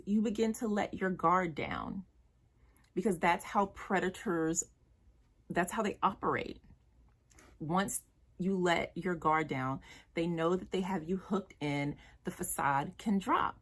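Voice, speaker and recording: A woman's voice: lowish voice, unhurried, breathy edge. A young woman vlogger giving blunt, exasperated commentary about dating, with slang and profanity. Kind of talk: direct-to-camera commentary.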